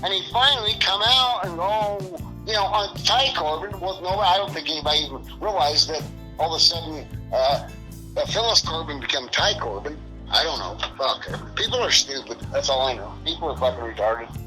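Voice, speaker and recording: A man's voice: on the high side, animated, normal speed, sharp tone, faint music behind, poor audio. A middle-aged man being interviewed, talking in a rambling, profane, frustrated way. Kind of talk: casual interview.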